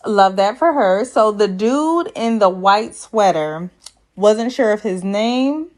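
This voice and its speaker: Taking her time, an animated woman with a mid-range voice runs through a laid-back reality show recap. She's sassy and talkative, cracks herself up, and quotes the cast using silly put-on voices.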